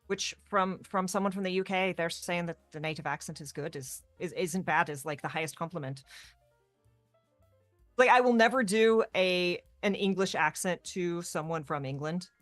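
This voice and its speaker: A woman's voice: fairly low pitch, normal speed, a bit bright, no echo, soft background music. A woman chatting enthusiastically about tabletop role-playing characters on a talk show. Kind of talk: casual chat.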